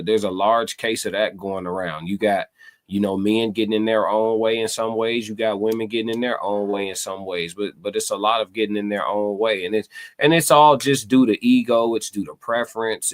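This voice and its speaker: A man hosting a live stream, talking casually to his chat in a loose, meandering way, repeating himself and searching for words. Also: fairly low pitch. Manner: loose and meandering, many fillers and repeated phrases.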